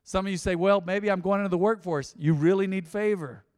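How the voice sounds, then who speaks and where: A man preaching from the pulpit with a notably high voice, animated in storytelling and dropping from loud to soft. His words ring out with a long reverb in the church hall. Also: fairly quick, clear, resonant tone. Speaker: pastor. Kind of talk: sermon.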